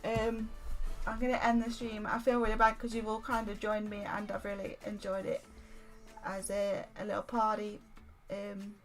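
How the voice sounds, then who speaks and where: A woman's voice: mid-range voice, monotone, moderate pace, soft background music. A woman from Derbyshire hosting a casual livestream from home, chatting in a rambling, giggly way. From Derbyshire, England. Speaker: livestream host. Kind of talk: casual livestream chat while stitching.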